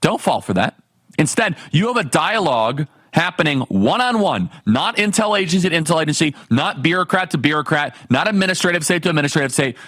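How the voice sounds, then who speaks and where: A man hosting a political talk show, giving an emphatic, animated monologue full of rhetorical questions. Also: sits high, no room sound. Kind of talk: fiery political commentary monologue.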